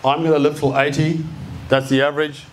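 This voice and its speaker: A man's voice: on the high side, little pitch movement, fairly quick, a little hiss or hum. An Australian man in his fifties giving a live motivational talk, blunt and punchy, swearing freely as he rouses the room. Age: 50s. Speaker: speaker. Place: event venue with an audience.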